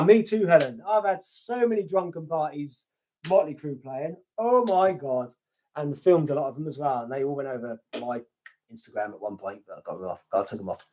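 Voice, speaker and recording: Bloke, middle-aged, rambling live chat host, a touch higher voice, blunt. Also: male voice, animated, a little fast, fairly bright tone. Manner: chatty, meandering, hums fillers while reading; blunt, swears casually. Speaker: YouTube channel host. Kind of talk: casual live stream chat, reading viewer comments.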